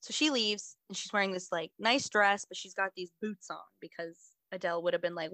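A young university student telling a story in a chatty way, full of "like". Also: female voice, medium pitch, a little fast, few pauses, pushed and bright, no echo, poor audio. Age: young adult. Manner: chatty storytelling, acts out lines with fillers like "like". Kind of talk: casual chat.

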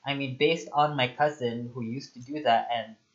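A man with a Filipino accent leads a relaxed chat, teasing his friends and slipping between English and Tagalog. His voice sits at an ordinary pitch. The audio is a little dull and lo-fi. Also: moderate pace. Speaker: host. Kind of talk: casual chat. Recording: slightly muffled lo-fi audio.

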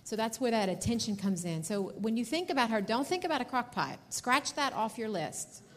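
A woman's voice: fairly high pitch, lively intonation, normal speed. A woman teaching couples at a marriage seminar, speaking directly and often checking in with "okay?".

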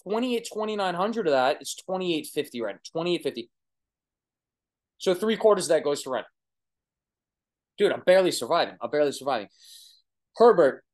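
A young man with a Long Island New York accent, an oral surgery resident answering viewer questions in a casual livestream from his apartment, excitable and chatty, often restarting and trailing off. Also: fairly high pitch, normal speed, long pauses. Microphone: phone or webcam livestream.

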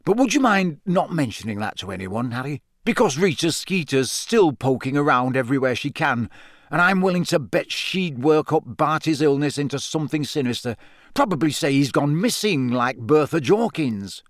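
A man voicing a jovial but nervous middle-aged male wizard official who talks in a hushed, hesitant, confiding way. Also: fairly high pitch, expressive, moderate pace, no echo, studio quality, pitched above the performer's own voice, lightly acted.

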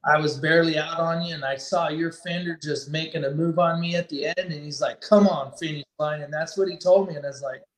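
Male guest, easygoing storyteller with a slightly high voice, echoey room sound. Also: steady tone, a little fast, few pauses. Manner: laid-back storytelling, swears freely. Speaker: racer guest. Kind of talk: casual podcast chat.

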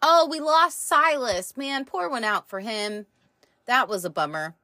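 A woman's voice: fairly high pitch, unhurried, pushed and bright, dry recording, studio quality. A woman reviewing a TV show in a casual, rambling chat, full of fillers and the odd swear word.

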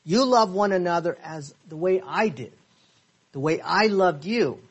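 Guy teaching bible class real slow, kinda husky, keeps asking the group questions. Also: high voice, lively intonation, highs cut off. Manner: asks the class questions and repeats verses slowly. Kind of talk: interactive Bible study lesson. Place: church classroom.

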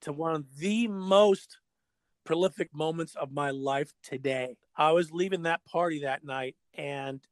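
A man telling a story in casual chat, animated and acting out the voices of the people in it. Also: fairly high pitch, measured pace, no room sound. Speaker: podcast guest.

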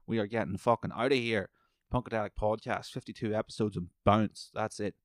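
A man hosting a solo podcast, swearing freely and rambling excitedly while commentating a fight live. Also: fairly low pitch, fairly quick, dry recording, clean studio sound. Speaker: podcast host.

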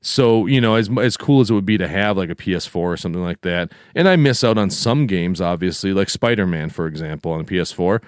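A middle-aged man co-hosting a podcast, talking in a relaxed, rambling way with restarts. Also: low-pitched, fast, few pauses, no room sound, studio quality. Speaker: podcast co-host. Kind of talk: casual chat.

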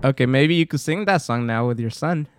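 A man hosting a podcast, chatting casually and telling stories in an animated way. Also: medium pitch, a little fast, loud music behind the voice. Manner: animated storytelling, lively intonation. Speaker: podcast host. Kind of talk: casual chat.

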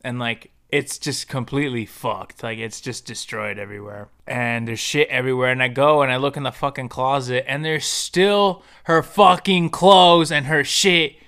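A young man tells a personal story on his podcast in a loose, rambling monologue full of slang and swearing. His voice sits at an ordinary male pitch and sounds smooth and clear. He trips over his words and starts sentences again. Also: steady tone, moderate pace, hardly any pauses, fairly bright tone. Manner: profane, slangy, rambling with restarts. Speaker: podcast host.

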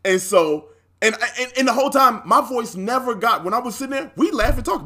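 Podcast co-host, male, animated storyteller with a bright, high and very expressive voice, quick to laugh and swear. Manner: animated, acts out the other people's lines, laughs often, swears freely. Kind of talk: casual storytelling chat.

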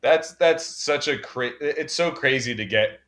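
A man's voice: medium pitch, measured pace, fairly bright tone. A young man co-hosting a casual chat, laid-back, swearing freely and trailing off with "you know".

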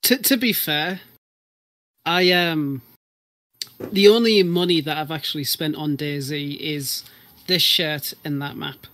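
Rambling man with a higher voice. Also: steady tone, slow pace, pauses often, pushed and bright. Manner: rambling, many restarts, swears casually. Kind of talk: casual chat.

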